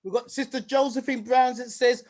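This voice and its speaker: Over a video call, a UK host with a notably high voice for a man runs an online talk. He keeps things playful and lively, firing off lists of shout-outs.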